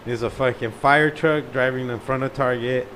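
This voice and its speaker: A young man telling a profane, animated story in casual slang. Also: medium pitch, moderate pace, slight background noise.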